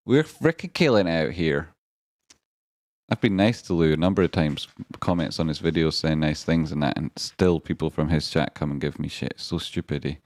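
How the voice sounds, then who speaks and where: A man hosting a live stream in a rambling, excitable way, swearing now and then and swinging between grumbling and hype. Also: a bass voice, normal speed, no room sound, clean studio sound. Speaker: stand-in livestream host. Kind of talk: casual live-stream chat.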